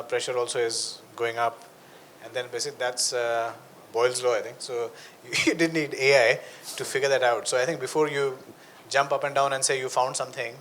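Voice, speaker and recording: A man on an industry panel speaking in a relaxed, lightly humorous way. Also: medium pitch, slight background noise. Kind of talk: panel discussion answer.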